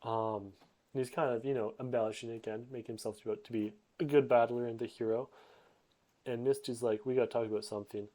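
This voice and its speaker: A man's voice: mid-range voice, fairly even intonation, fast talker, mellow. Rambling man retelling a comic story. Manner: rambling, many fillers and restarts, voices characters loosely. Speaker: narrator summarizing a comic.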